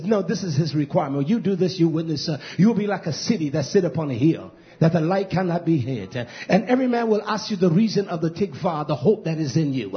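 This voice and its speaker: A man preaching with fire, his fairly high voice climbing into shouts and then sinking to hushed near-whispers. He repeats his points with insistent emphasis. The recording is dull and lo-fi. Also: animated, fairly quick, few pauses. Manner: emphatic, repetitive preaching cadence. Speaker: pastor. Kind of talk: sermon.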